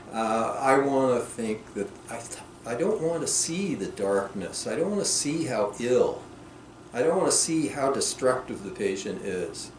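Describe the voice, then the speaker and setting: A man, the author at a workshop, discussing clinical ideas in a thoughtful way that slows and trails off softly. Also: medium pitch, expressive. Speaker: author answering questions at a workshop. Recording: roomy and distant with faint noise.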